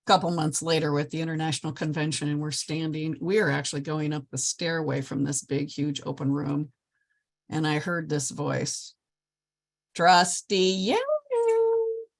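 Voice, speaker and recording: An older woman from Nebraska, once president of a service club, gives an enthusiastic motivational speech over a video call. Her deep, creaky voice moves at a moderate pace, and she tells stories with lively energy.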